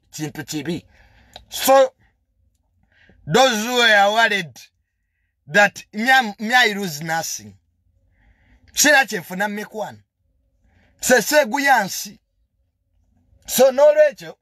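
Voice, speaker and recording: A man's voice: sits high, very animated, measured pace, long pauses, sharp tone, no echo, clean studio sound. A young man with a Ugandan accent delivering a heated, confrontational monologue full of emphatic repetitions. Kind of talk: heated monologue mixing English and Luganda.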